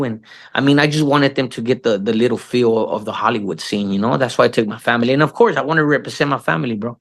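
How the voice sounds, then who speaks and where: A middle-aged man with a gravelly, fry-heavy voice, talking loosely in a casual interview. He swears freely, tags "bro" onto his phrases and stumbles through restarts. His pitch sits in a middle range. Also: quick pace. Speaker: interview guest, actor.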